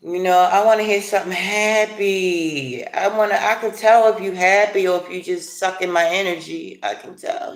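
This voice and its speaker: A middle-aged woman hosting a casual livestream, chatting in a rambling, playful way with animated asides. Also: mid-range voice, gravelly, reverberant. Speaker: livestream host. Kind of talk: casual live chat while eating breakfast.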